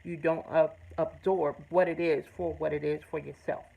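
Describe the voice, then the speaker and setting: A woman's voice: low-pitched, little pitch movement, moderate pace, creaky, dark tone, slightly rough, low-quality recording. A woman hosting her own show, telling a personal story in an earnest, emphatic way with blunt, salty language. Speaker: host. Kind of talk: personal testimony to camera.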